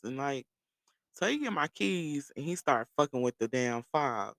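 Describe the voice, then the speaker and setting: A man's voice: mid-range voice, moderate pace, gravelly, no echo. Casual storytelling man, dry close sound. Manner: animated, profane, laughs through the story. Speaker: vlogger.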